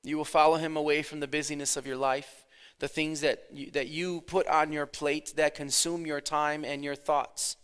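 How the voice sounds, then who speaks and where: A pastor in his thirties giving a conversational sermon, dropping his voice low and then swelling for emphasis. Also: level tone, normal speed, a bit bright, clean tone.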